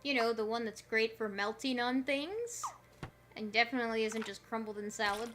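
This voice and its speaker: A woman's voice: fairly high pitch, expressive, normal speed, music in the background. A woman streaming a puzzle game, chatting casually with playful, rambling asides. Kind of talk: casual gameplay commentary.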